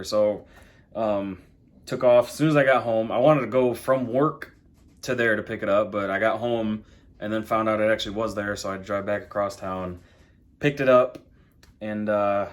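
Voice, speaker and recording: A man's voice: fairly low pitch, moderate pace. A man vlogging from home, telling a long casual story, rambling and full of "I'm like" and "you know". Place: home, dogs in the background.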